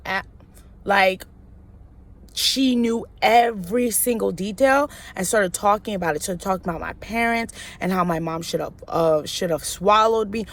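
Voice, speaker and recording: A woman's voice: medium pitch, moderate pace. Blunt, slangy young woman telling a story. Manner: blunt, slangy and profane, acting out both sides of a phone fight. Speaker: vlogger. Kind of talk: casual storytime.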